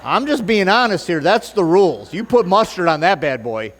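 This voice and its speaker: A man's voice: high-pitched, big pitch swings, moderate pace. A man preaching a sermon in church, joking and bantering with the congregation and stumbling over his notes. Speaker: pastor.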